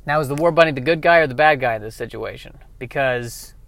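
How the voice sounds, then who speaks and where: A man riffing through a rambling comedic monologue, self-mocking, dropping quiet and then bursting louder. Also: medium pitch, quick pace, gravelly, dry recording.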